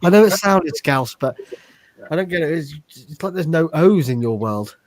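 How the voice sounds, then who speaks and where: A man's voice: on the high side, expressive, moderate pace, darkish tone. A man co-hosting a casual live stream, chatty and showing off his things, calling people "mate". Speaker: podcast co-host.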